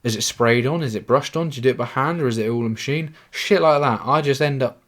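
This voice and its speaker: Quick and mid-range, the voice belongs to a young man with an English accent. As a podcaster, he gives a casual, meandering monologue on his own, heavy on swearing and self-mockery.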